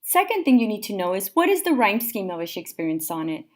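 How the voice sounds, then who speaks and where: A woman teacher recording a classroom lecture, explaining step by step in a clear, methodical way. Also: mid-range voice, big pitch swings, quick pace.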